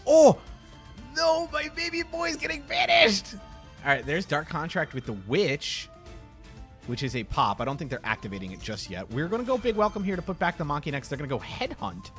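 A man casually commentating card game replays, excitable and quick to burst into laughter. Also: mid-range voice. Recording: faint background music.

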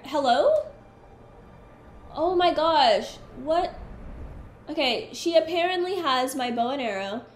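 A high-pitched woman streams a let's-play, chatting away, easily exasperated, and addressing her companion as she games. The recording has an echoey room and a little hiss or hum.

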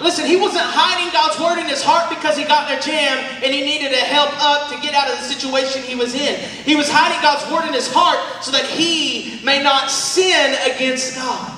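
A man preaching a sermon at a youth camp, energetic and shouting, calling the crowd to respond. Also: very high voice, normal speed, hardly any pauses, a little hiss or hum. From Oklahoma, USA. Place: large church hall. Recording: echoey hall from far off.

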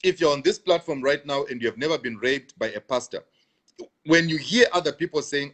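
A man's voice: mid-range voice, expressive, brisk, fairly bright tone. A man, a pastor, talking on a live stream and answering viewer comments, repeating himself for emphasis and laughing between points.

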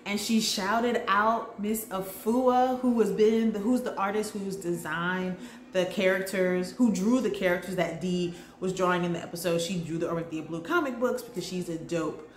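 A woman vlogger recapping a TV episode in a chatty, enthusiastic way with lively slang. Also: medium pitch, normal speed. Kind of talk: casual chat. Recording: roomy echo.

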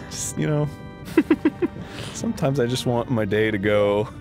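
A man's voice: mid-range voice, slow pace. A man co-hosting a let's play, cackling, ranting and swearing at the screen. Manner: loud cackling laughter, mock-growling rants, profane. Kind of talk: gaming commentary. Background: music.

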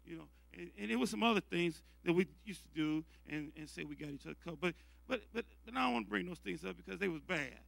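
A man's voice: high voice, expressive, fast, gravelly, few pauses, fairly bright tone, no room sound. A middle-aged man preaching a sermon in a conversational way, repeating and restarting his phrases.

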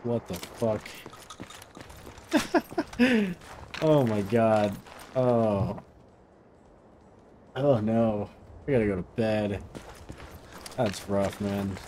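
Let's play host, male, low voice, casual profane rambling over loud game ambience. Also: animated, drawn-out words, pauses often, slight background noise. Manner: rambling, profane, self-deprecating. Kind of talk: casual gameplay commentary.

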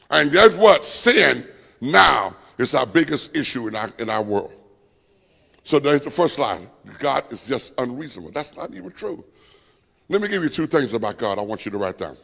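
A man's voice: fairly high pitch, creaky, pushed and bright. A man preaching a Bible study sermon, calling on the room to answer and fill in words. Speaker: pastor. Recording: long church reverb.

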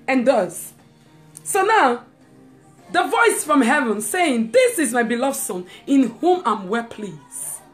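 Woman preacher, live-streamed sermon, animated and talking right to her listeners, soft music in the background. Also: high-pitched. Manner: lively, talks straight to listeners with asides; reads scripture aloud.

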